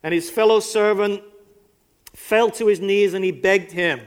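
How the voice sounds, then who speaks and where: A man with a notably high voice preaching a sermon from the pulpit. He talks to his listeners conversationally and keeps asking them rhetorical questions. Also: steady tone, measured pace, clear, resonant tone.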